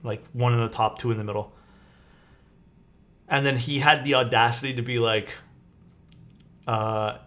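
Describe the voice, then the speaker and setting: A young man streams from his desk while building a keyboard, rambling through a casual story packed with "like" and some swearing, faint music playing behind him. His medium-pitched voice is fairly even and fairly bright, at a moderate pace with frequent pauses.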